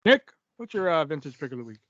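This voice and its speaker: A man's voice: on the high side, big pitch swings, quick pace, fairly bright tone, no echo. A young adult man hosting a wrestling podcast in casual chat. He swears freely and laughs often. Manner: laid-back, swears freely, laughs a lot. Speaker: podcast host. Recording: dull lo-fi sound.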